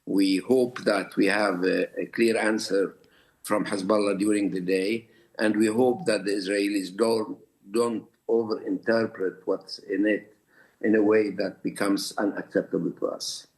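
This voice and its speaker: A man being interviewed live on the news as a government minister, speaking haltingly with many hesitations. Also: on the low side, steady tone. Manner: halting, many uhs, deliberate.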